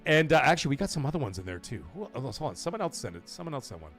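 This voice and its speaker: A man hosting a gaming livestream, loud and excitable, cursing and reading super chats to his viewers. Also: mid-range voice, very fast. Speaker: livestream host. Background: soundboard music and crowd cheers.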